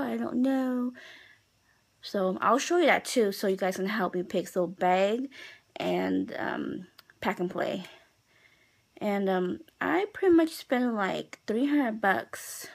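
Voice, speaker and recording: A woman's voice: medium pitch, gravelly. A tired young woman vlogging in a casual, rambling way, with many fillers as she chats to her viewers. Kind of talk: casual chat.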